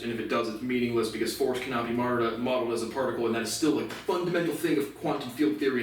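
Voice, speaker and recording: A man's voice: mid-range voice, a bit bright. A man from the United States ranting alone in an angry, profane and rambling way. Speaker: vlogger. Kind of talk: solo ranting monologue. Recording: very echoey room, mic far off.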